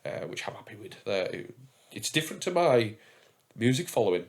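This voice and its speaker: A man's voice: on the low side, sing-song, a little fast. A young man from England hosting a podcast, chatting casually and telling rambling stories full of fillers and swearing. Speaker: podcast host.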